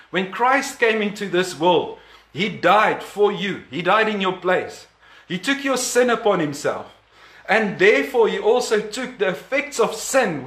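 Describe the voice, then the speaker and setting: A man's voice: sits high, a bit bright, echoey room. A man preaching a sermon, emphatic, repeating key words and chuckling between points.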